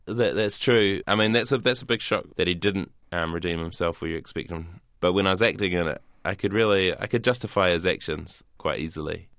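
Deep-voiced New Zealand man, dry delivery. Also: fairly quick, hardly any pauses, dry recording. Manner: dry, hesitant, laughs softly. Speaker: guest actor and comedian. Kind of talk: interview conversation.

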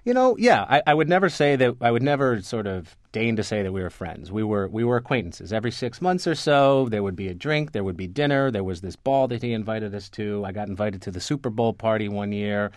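Low-voiced man telling stories, halting. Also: animated, no echo, clean studio sound. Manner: rambling, many restarts and fillers. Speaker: guest, newspaper reporter. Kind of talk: conversational interview storytelling.

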